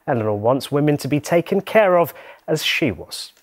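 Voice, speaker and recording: A man presenting a regional news bulletin, reading scripted headlines in a measured, even way. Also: a little high.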